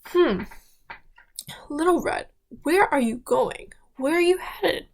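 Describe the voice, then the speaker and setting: Woman playing a sneaky wolf, drawn-out and creaky. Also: high-pitched, lively intonation, voice pushed up, full character voice. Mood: sly. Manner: sly, drawn-out musing hums, whispered asides. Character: big bad male wolf, sly and scheming.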